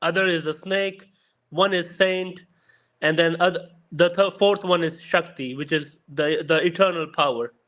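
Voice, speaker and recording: A man's voice: a little high, normal speed, fairly bright tone. A man calling in to a casual chat, speaking earnestly and repeating himself.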